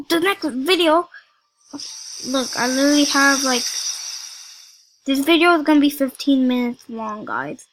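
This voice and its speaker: A woman giving excitable, casual commentary on a video game she is playing, talking straight to her viewers and often repeating herself. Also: high voice, a little slow, pauses often, low-quality recording. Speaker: gaming video creator. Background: music.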